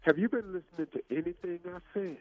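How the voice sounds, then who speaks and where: A man's voice: high-pitched, fast, dry recording. A man hosting a radio show by phone from abroad, talking emphatically and growing exasperated with his nephew. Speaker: show host calling in from abroad. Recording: lo-fi phone line with music.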